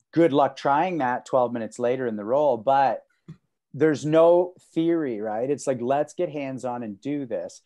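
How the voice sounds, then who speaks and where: A man co-hosting a casual martial arts podcast over a video call, telling stories and acting out quotes in sudden loud, high bursts. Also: a little slow, lo-fi sound. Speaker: podcast co-host.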